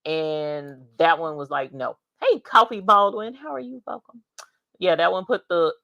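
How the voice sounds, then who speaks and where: A woman hosting a casual craft livestream, chatting and greeting viewers by name with drawn-out exclamations. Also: lowish voice, expressive, creaky, fairly bright tone, no echo, lo-fi sound.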